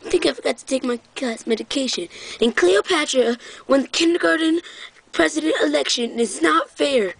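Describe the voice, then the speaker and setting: A woman voicing a hyperactive, easily scared little boy in an amateur comedy impression video, with a squeaky, shrieking voice and frantic outbursts between babbling chatter. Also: a little fast, gravelly, fairly bright tone, no echo. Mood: sulky.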